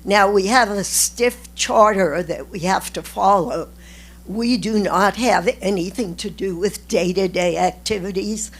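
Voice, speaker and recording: A woman's voice: mid-range voice, unhurried. A woman on a residence board, making an earnest statement at a town hall meeting while she is losing her voice. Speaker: board member.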